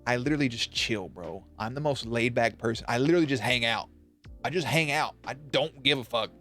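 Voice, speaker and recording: Male streamer, mid-pitched, casual and profane storyteller who laughs at his own jokes, faint music behind. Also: normal speed, fairly bright tone.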